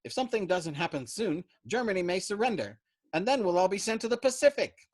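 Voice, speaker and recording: A man's voice: high voice, lively intonation, a little fast, pitched above the performer's own voice. A man voicing a whiny, self-pitying army doctor who wails mournfully. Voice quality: wailing, mournful.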